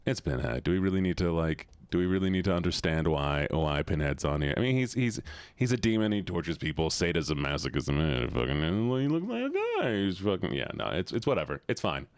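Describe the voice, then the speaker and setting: A man streaming live, reacting to viewer submissions with exasperated, theatrical rants that jump into high squeals. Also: a little fast, clear, resonant tone, dry recording.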